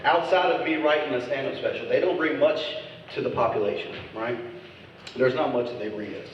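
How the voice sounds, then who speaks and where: A man's voice: medium pitch, fairly quick, lo-fi sound, slight background noise. A man doing a stand-up comedy set on a club stage, crude and teasing as he riffs with the crowd. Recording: echoey club recording from far off.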